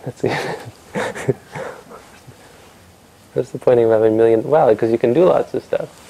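A man tells a traditional story to a family audience, speaking conversationally and often turning to ask his listeners questions. His voice is gravelly and mellow, with a darker tone. He often restarts his sentences as he talks. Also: mid-range voice, fast, low-quality recording.

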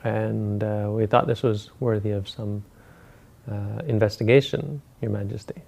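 A man's voice: fairly low pitch, steady tone, measured pace, gravelly, a little mellow. A man voicing palace guards formally reporting a captured thief to their king. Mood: deferential.

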